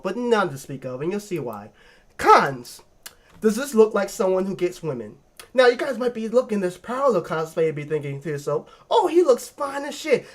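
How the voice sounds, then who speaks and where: A man hosting a video, ranking characters in a lively, profane, joking rant. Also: a little high. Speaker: video host. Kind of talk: casual ranking commentary.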